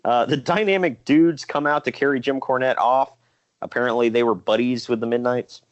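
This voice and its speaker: A man with a middle-pitched voice talks through old wrestling matches in a loose, rambling podcast chat. He leans on fillers and restarts as he recaps. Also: fairly even intonation, normal speed, muffled recording. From Ohio. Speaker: podcast co-host.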